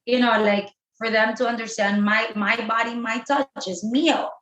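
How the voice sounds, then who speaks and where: A woman sex therapist giving animated advice as an interview guest, often addressing listeners directly and dropping in Spanish phrases. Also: on the high side, moderate pace. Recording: echoey room.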